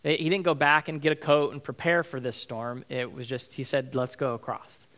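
A man's voice: on the high side, normal speed, fairly bright tone. A man, likely a pastor, giving a casual, conversational sermon with frequent ums and likes, now and then acting out the people in the story.

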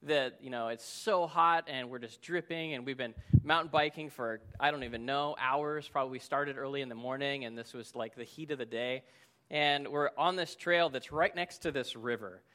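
Bright-voiced man pastor telling a story. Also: on the high side. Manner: storytelling, animated, acts out shouting in the story. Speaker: lead pastor. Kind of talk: sermon with personal story.

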